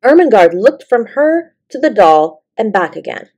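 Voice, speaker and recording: A woman's voice: on the high side, very animated, normal speed, a little mellow. Woman reading a bedtime story. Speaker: audiobook narrator.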